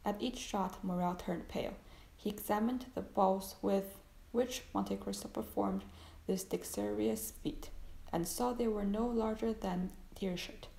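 A woman reading a classic novel aloud as an audiobook narrator, steady and unhurried. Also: medium pitch, vocal fry, reverberant, poor audio. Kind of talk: scripted narration.

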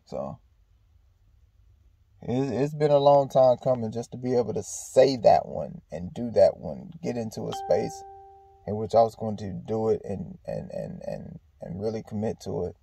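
Male vlog host, gravelly and dark in tone, casual and profane, thinking aloud outdoors. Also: fairly low pitch, very animated, moderate pace, poor audio. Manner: laid-back, candid, swears freely, rambling restarts. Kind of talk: casual reflective monologue. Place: outdoors in a park.

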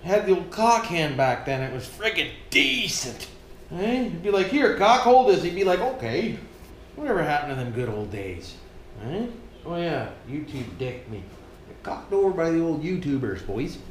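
In an echoey space with a little background noise, a medium-pitched Canadian man keeps up a relaxed work vlog. He jokes around, swears, and addresses viewers as "boys."

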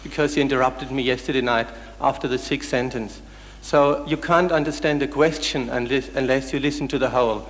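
A man's voice: mid-range voice, fairly even intonation, a little fast. A man from the audience, polite but persistent, asking to pose a full question. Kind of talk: pleading then reading scripture. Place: lecture hall. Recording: echoey hall.

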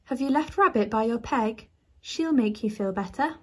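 A woman voicing a kindly nursery teacher in a read-aloud storybook, calm and reassuring. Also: on the high side, moderate pace, slight background noise, lightly acted. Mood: gentle.

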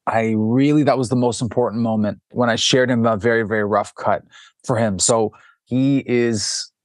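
On an interview, a documentary director recounts a story with animation, acting out what the people in it said and often starting over. His medium-pitched voice runs at normal speed in a studio-quality recording without echo.

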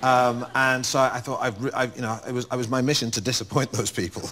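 A man who is a comedian and actor, a chat show guest giving dry, quick comic retorts in casual banter. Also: medium pitch, fairly even intonation, fairly bright tone, slight background noise. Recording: studio audience behind.

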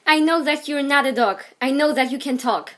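A frantic young big sister, read by a teenage girl in a storybook reading. The voice is high and bright, with loud, pleading calls. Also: brisk. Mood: desperate.

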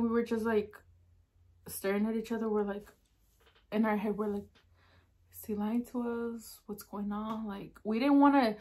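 A woman hosting an eating show, telling a spooky story in a casual, chatty way, using "like" constantly and dropping to a hush at the eerie parts. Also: fairly high pitch. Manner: chatty, heavy use of "like" fillers; drops to a hushed tone at eerie moments. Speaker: mukbang host.

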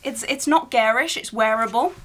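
A woman hosting a bubbly, playful unboxing video, chatting excitedly to her viewers. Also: a little high, moderate pace. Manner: bubbly, playful, gasps and exclaims.

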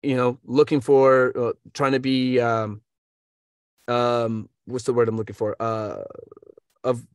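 A man's voice: medium pitch, flat delivery, slow, clear, resonant tone, no echo, clean studio sound. An American man coaching on voiceover work, giving casual advice with energy and playful sound effects. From United States.

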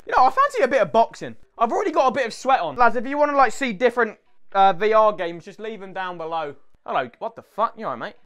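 A man giving loud, sweary, jokey gaming commentary as a YouTuber, often breaking into shouts. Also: high voice, sing-song, fast talker.

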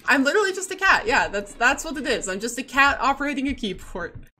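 Giggly woman streamer, bright voice with a lot of swing, faint music behind. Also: sits high, sing-song, fairly quick. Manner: playful, giggly, reads chat aloud. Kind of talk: casual livestream chat.

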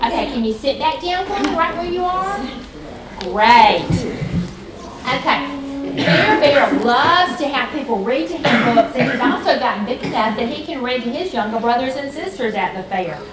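A woman reading a picture book to children at a library, lively and coaxing as she leads chants. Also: high voice, normal speed, crowd noise. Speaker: children's storytime reader. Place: library room. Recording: echoey library room, mic far off, children around.

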